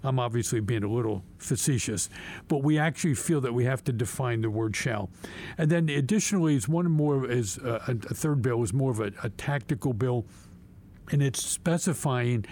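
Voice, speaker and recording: A man's voice: mid-range voice, mellow. A man, a state representative, laying out bills in an emphatic policy discussion and repeating key words for stress. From Pennsylvania.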